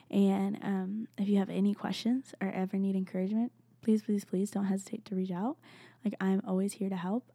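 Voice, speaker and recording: Creaky, mellow-voiced young woman podcaster. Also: mid-range voice, no room sound. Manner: gentle, rambling, heavy use of "like". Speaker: podcast host. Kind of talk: casual Christian encouragement podcast.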